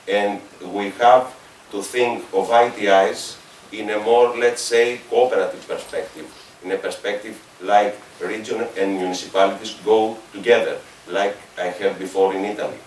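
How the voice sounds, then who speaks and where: A man from Greece with a Greek accent, giving a conference presentation as a regional official, halting with fillers and self-corrections. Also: lowish voice, fairly even intonation, echoey room, distant mic, slight background noise, low-quality recording. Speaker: regional managing authority official.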